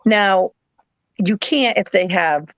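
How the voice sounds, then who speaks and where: A middle-aged woman with a New England accent, hosting a live sale and chatting in a rambling, animated way with playful put-on voices. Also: medium pitch, takes it slowly, dry recording, muffled recording. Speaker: live sale host, former nurse. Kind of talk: casual chat.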